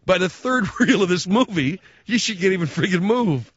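A man hosting a show, delivering a sarcastic comic rant that swings between loud mocking outbursts and low muttered asides. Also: animated, normal speed, slightly rough, no room sound, lo-fi sound.

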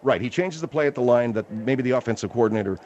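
A man's voice: mid-range voice, quick pace. A man hosting a comedy radio show, his voice rising and falling a lot as he prods a caller with questions. The sound is dull and lo-fi, like a broadcast, with a faint hiss. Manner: lively, prodding questions. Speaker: radio host.

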